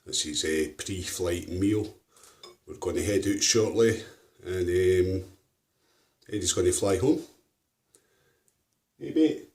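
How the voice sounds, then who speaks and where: A man's voice: low-pitched, slow pace, pauses often, darkish tone. A man casually talking to a rescued seagull in a home video, affectionately calling it mate and buddy. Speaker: vlogger caring for a rescued seagull.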